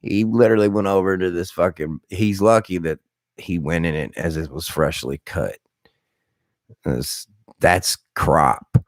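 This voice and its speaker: A man in his thirties with a very deep, slightly hoarse voice tells rambling, casual stories to his livestream viewers, speaking bluntly, profanely and with lots of animation. The sound is close and dry, with no room around it and no echo.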